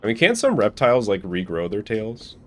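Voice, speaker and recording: A man's voice: fairly low pitch, wildly swooping pitch, brisk. A young man streaming a speedrun, talking casually over his gameplay, swearing and laughing at his own mistakes. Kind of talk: casual live gameplay commentary.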